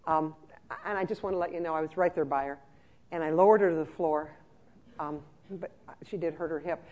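A speaker voicing a care aide who calmly reassures a family member on the phone, softly and gently. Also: medium pitch, brisk, pitched below the performer's own voice, close to an everyday voice. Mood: reassuring. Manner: soft, hushed and reassuring. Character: soothing caregiver aide on a phone call.

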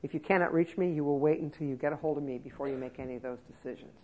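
A woman speaker voicing a meek, mild-mannered male administrator laying down rules quietly but firmly. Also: low voice, very fast, pitched below the performer's own voice.

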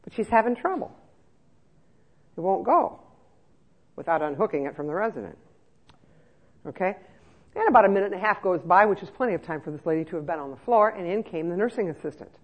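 Brief: middle-aged woman, lively speaker to care staff, muffled lo-fi sound. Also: lowish voice, fairly quick, pauses often, slightly rough. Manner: lively storyteller, checks in with "okay?" often. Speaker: speaker on nursing home care. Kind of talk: conference talk to care staff. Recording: muffled lo-fi recording.

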